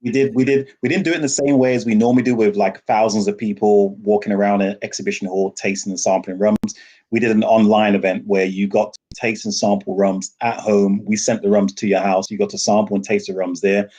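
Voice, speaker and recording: An enthusiastic man with a low, husky voice, speaking as a podcast guest over a video call. He tells his stories with lively energy and laughs often. His delivery stays warm-blooded and emphatic. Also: brisk. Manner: enthusiastic, animated storyteller who laughs often. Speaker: guest, rum ambassador. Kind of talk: podcast interview.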